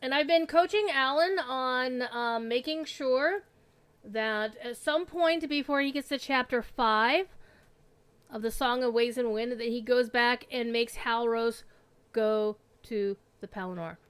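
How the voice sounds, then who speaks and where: A woman's voice: fairly high pitch, a little slow, a bit bright, clear, resonant tone. A woman streaming an online role-playing game, chatting casually to viewers and to her pet, with an easy, swearing-friendly manner. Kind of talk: casual live-stream chat.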